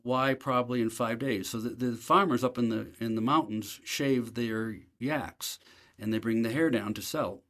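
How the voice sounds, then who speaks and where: A man at an ordinary middle pitch, speaking as a guest on an interview show. He spins a long personal story in a relaxed, anecdotal manner and is readily self-deprecating about his failures. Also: normal speed. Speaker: guest, professor.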